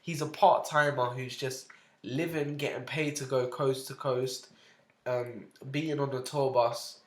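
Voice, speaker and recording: A young man with a middle-pitched voice, chatting bluntly on a podcast. He swears, grumbles and mocks with a whiny put-on voice. The room adds a roomy echo. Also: steady tone, a little slow. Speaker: podcast co-host. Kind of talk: casual chat.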